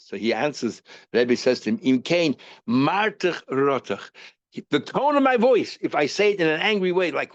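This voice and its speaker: A man teaching a Talmud lesson, reasoning aloud in a lively way and repeating terms as he works through the logic. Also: a little high, moderate pace, no echo, dull audio.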